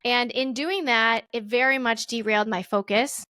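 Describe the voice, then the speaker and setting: A woman in her thirties telling her own business story as a podcast guest, acting out past conversations in a lively voice. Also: normal speed, smooth, dry recording. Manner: animated, acts out her own past dialogue with big pitch jumps. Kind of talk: casual storytelling interview.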